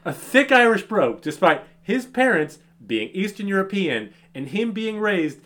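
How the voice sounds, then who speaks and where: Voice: mid-range voice, sing-song, normal speed, fairly bright tone. A podcast co-host recapping a movie in incredulous, swearing casual chat.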